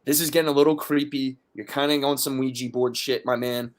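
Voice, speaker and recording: A man's voice: medium pitch, fairly quick. A man from Philadelphia, a podcast guest, telling a story in casual chat, swearing often and acting out his friends' lines. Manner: animated, profane, acts out friends' quotes.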